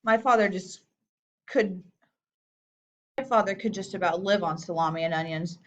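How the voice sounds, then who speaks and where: A woman's voice: lowish voice, normal speed, lo-fi sound, close to an everyday voice. Woman reading a matter-of-fact young boy. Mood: chatty. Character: chatty boy, the narrator's friend.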